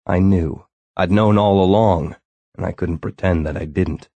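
Brooding male narrator for a first-person novel, deep voice, dry close sound. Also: fairly even intonation, a little slow, gravelly, mellow, no echo, dull audio. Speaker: audiobook narrator.

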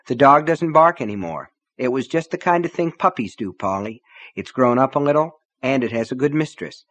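A man's voice: medium pitch, animated, normal speed, fairly bright tone, dry recording, close to an everyday voice. A man reading the lines of an easygoing small-town lawman with a dry, teasing manner.

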